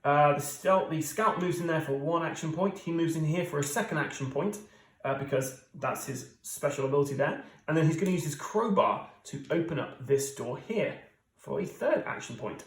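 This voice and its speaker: A man's voice: a little high, normal speed, reverberant, poor audio. A British man in his thirties hosting a solo board game playthrough, chatting casually to viewers with many fillers. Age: 30s. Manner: chatty, lots of fillers, talks straight to viewers. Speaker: board game channel host.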